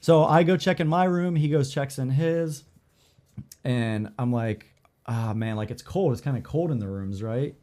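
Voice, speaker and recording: A man co-hosting a podcast, telling a story in casual chat, animated, swearing freely and acting out the dialogue with lots of "like". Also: medium pitch, moderate pace. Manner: filler-heavy, lots of "like" and "I'm like".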